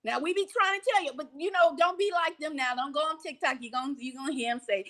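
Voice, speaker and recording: A woman giving animated commentary on a news clip, preaching with rhetorical questions at her listeners. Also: sits high, fast. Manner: preachy, rhetorical questions, laughs, slips into voices. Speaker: commentator reacting to a press clip.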